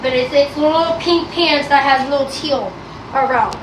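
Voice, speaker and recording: Woman going off on a livestream, real high sharp voice, kinda echoey room, swears a lot. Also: normal speed, noisy background. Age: adult. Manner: blunt, profane, ranting. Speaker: TikTok live streamer. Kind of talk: casual livestream chat. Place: home.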